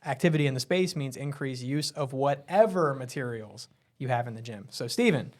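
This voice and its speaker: A man's voice: medium pitch, lively intonation, brisk. A man hosting a casual live show, chatty and teasing, often laughing. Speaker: host.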